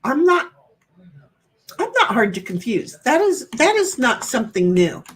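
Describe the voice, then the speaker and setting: A woman streams on her own from home and talks to her chat in an easy, unhurried way. Her voice sits a little high, and she drifts from one thought to the next. She is playfully confused and quick to laugh at herself. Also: sing-song, slight background noise. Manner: rambling, self-deprecating, playfully confused. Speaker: livestream host chatting with viewers. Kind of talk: casual chat reading out viewer comments.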